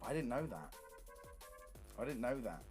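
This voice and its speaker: A young man streaming, telling stories in casual chat, animated and swearing often. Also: medium pitch, unhurried, faint music behind.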